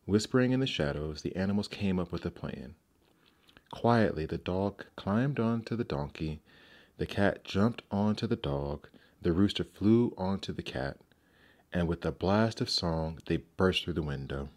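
A man narrating fairy tales in a gentle, expressive storybook reading. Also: low-pitched, unhurried.

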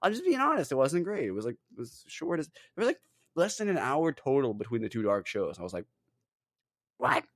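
A man's voice: mid-range voice, wildly swooping pitch, fast talker, no room sound, studio quality. A man with a northern English accent co-hosting a podcast, chatting casually, rambling with many fillers and restarts. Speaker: podcast co-host. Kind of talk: casual chat.

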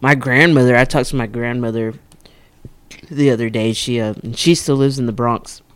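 A man's voice: mid-range voice, moderate pace, clean tone, no echo. A man in a casual chat, telling stories with heavy swearing. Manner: heavy swearing, animated storytelling.

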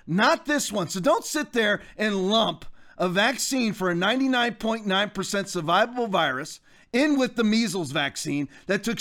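A man's voice: high voice, a bit bright. A man in his fifties hosting a political commentary show, ranting emphatically and addressing listeners directly. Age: 50s. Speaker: show host.

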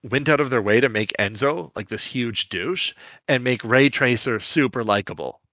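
A man's voice: medium pitch, moderate pace, bright, forceful tone, dry recording, highs cut off. A man co-hosting a podcast in casual chat, rambling with lots of fillers. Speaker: podcast co-host.

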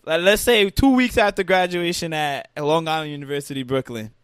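A man's voice: on the high side, a little fast, fairly bright tone, clear, resonant tone, dry recording, clean studio sound. A young man hosting a podcast, joking and laid-back in casual slangy chat. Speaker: podcast host.

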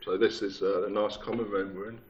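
A man's voice: fairly low pitch, level tone, a little fast. A man guesting on a casual podcast, talking hesitantly with lots of uhs as he tells a story. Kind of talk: casual chat. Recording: dull lo-fi sound.

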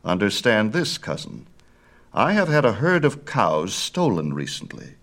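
A man's voice: lowish voice, huge pitch swings, a little slow, fairly bright tone, voice pushed up, heavily acted. A male reader voicing a proud, imperious sun god in a storybook myth, speaking with lofty disdain. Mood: haughty. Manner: haughty, imperious. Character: haughty, grand sun god, young man.

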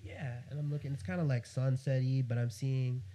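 Guest on a chat podcast, young man from New York. Mellow voice, tells his story in an animated way. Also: mid-range voice, fairly quick. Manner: animated, quotes others in a raised voice. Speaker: guest photographer. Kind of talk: casual storytelling.

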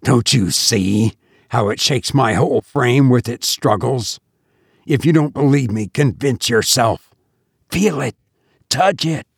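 A man voicing a frightened young gentleman who pleads desperately for help against an unseen creature. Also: medium pitch, takes it slowly, vocal fry, slightly rough, dry recording, clean studio sound, full character voice. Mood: urgent.

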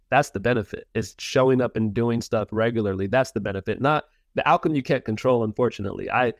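Earnest low-voiced man reflecting. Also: dry recording, clean studio sound. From United States. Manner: earnest, restarts words, quotes his own inner voice. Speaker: podcast guest. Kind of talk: reflective interview talk.

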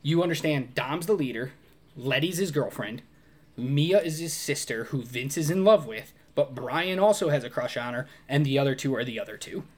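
A man's voice: mid-range voice, animated, moderate pace. A man co-hosting a podcast, chatting casually about a movie and animatedly acting out its scenes with voices and grunts. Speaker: podcast co-host. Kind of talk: casual movie review chat.

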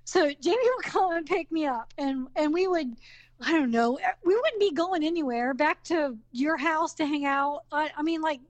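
A woman with a high-pitched voice and a Southern US accent, chatting casually as a guest. She rambles, restarts and laughs often. Her voice is recorded dry and close. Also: normal speed, dry recording. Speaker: podcast guest. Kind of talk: casual chat.

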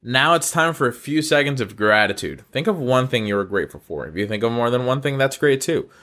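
A man's voice: medium pitch, animated, fairly quick, a bit bright. A man hosting an upbeat good-news podcast, talking in an earnest, encouraging and affectionate way to his listeners. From North Carolina. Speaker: podcast host.

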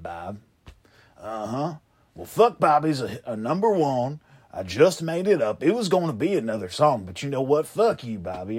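A man hosting a comedy show, rambling and trading deadpan, profane insults in a one-sided phone call. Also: medium pitch, husky.

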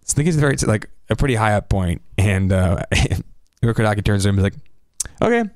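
Man, low voice, dry close sound, animated storyteller who slips into characters' lines, casual podcast chat. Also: fast, no room sound. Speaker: podcast co-host recapping an anime.

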